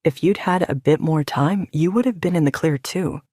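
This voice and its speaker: A woman plays a young male werewolf alpha in an audio drama, protective and sure of himself. The voice sits very low for her and is firm and steady, close and dry with no room sound. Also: normal speed, dry recording. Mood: earnest, firm.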